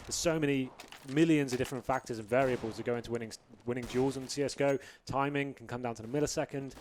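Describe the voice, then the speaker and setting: A man's voice: medium pitch, steady tone, quick pace, darkish tone, a little hiss or hum. A male esports host with a mid-range voice who casts a match live. He jokes around and builds hype with announcer lines. Faint game gunfire sounds behind him. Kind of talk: live esports commentary and desk chat.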